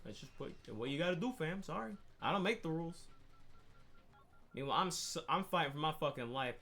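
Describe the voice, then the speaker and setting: A man telling a rambling, profane story in a casual gaming chat, animated and quick to swear. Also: fairly high pitch, gravelly. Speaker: podcast co-host.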